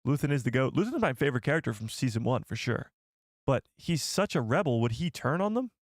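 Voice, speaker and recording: A young man hosting a live stream in a loose, jokey way, thinking aloud and reading out comments from his chat. His voice sits at an ordinary middle pitch. It is recorded dry and close, with almost no room sound. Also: very animated, fast, dry recording.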